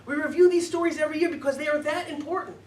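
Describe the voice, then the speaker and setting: A man, a rabbi, giving an animated Torah lecture with emphatic stresses and frequent "like". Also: extremely high pitch, racing, a little hiss or hum. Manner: animated, emphatic, says "like" often. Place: hall. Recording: echoey room, distant mic.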